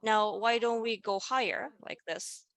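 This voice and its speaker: A woman's voice: fairly high pitch, fairly even intonation, measured pace, fairly bright tone. A woman giving an online presentation in a panel dialogue, explaining ideas step by step and guiding listeners through simple exercises over a video call.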